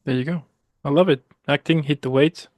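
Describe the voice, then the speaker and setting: A man's voice: fairly high pitch, fairly quick, darkish tone, no echo, studio quality. A man hosting an interview show, encouraging his guest with repeated short affirmations. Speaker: show host. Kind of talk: casual interview chat.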